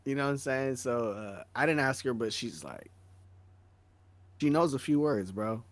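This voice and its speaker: A man co-hosting a podcast, telling a story in casual chat, slangy and animated, with "bro" and "dog" peppering his talk. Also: medium pitch, moderate pace, no room sound. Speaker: podcast co-host.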